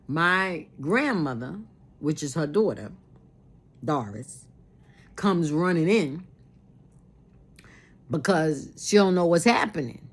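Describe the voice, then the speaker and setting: A woman telling a personal family memory in an earnest way, often repeating herself as she recalls it. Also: low voice. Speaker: storyteller.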